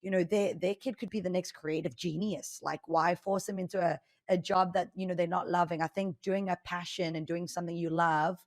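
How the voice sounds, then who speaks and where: A young adult woman with a South African accent blended with Australian, a chatty, high-energy podcast guest talking about streaming. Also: fairly even intonation, a little fast, hardly any pauses, no room sound. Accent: South African mixed with Australian. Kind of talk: casual interview talk.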